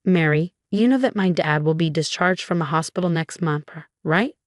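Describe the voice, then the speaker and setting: A woman's voice: low voice, lively intonation, moderate pace, no room sound, clean studio sound. A woman voicing a firm, dismissive young husband who talks over his wife, in a narrated storybook drama.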